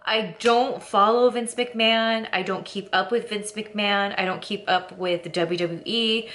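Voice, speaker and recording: A young woman from California rambles candidly to her camera, full of fillers and quick to laugh at herself. Her voice is bright and a little sharp. She talks at a slow, drawn-out pace. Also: mid-range voice, steady tone. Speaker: vlogger. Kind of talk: casual chat to camera.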